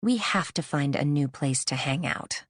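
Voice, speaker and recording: A woman's voice: deep voice, expressive, moderate pace, no echo. A woman voicing a blunt, loyal female friend, with a matter-of-fact, dry delivery. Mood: upbeat.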